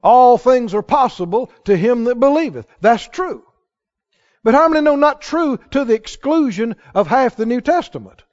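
A man's voice: extremely high pitch, expressive, normal speed, a little mellow. A man preaching a sermon, emphatic and asking his listeners questions as he goes. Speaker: pastor. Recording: dull lo-fi sermon recording.

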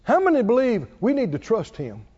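A man preaching a sermon, conversational and animated, drawing call-and-response from the congregation. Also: very high voice, moderate pace, breathy edge, in a large hall, lo-fi sound. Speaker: pastor.

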